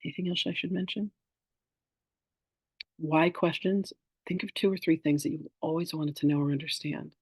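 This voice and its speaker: A man's voice: on the high side, moderate pace, long pauses, slightly rough, no echo, rough recording. A man hosting an online spiritual masterclass, telling stories in a casual teaching style and acting out the voices of the people in them. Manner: animated storyteller acting out quoted voices.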